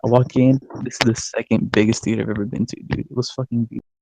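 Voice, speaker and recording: Excitable young man telling a story. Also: mid-range voice, fast, no room sound. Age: young adult. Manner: excitable, swears a lot, laughs mid-story. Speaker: podcast co-host. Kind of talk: casual storytelling chat.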